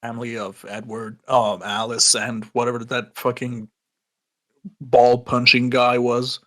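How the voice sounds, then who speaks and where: A man's voice: medium pitch, completely flat delivery, measured pace, a bit bright. A man co-hosting a podcast in casual banter, swearing often and laughing through his retellings. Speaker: podcast co-host. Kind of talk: casual chat.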